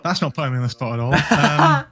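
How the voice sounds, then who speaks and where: A man's voice: fairly high pitch, wildly swooping pitch, fast talker, sharp tone. A young man reading out quiz questions and chatting casually, often laughing between lines. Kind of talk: casual livestream chat.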